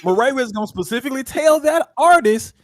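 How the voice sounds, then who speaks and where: Teasing high-pitched male co-host. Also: animated, brisk, fairly bright tone, dry recording, studio quality. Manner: teasing, profane, emphatic. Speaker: podcast co-host. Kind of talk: casual comic book podcast chat.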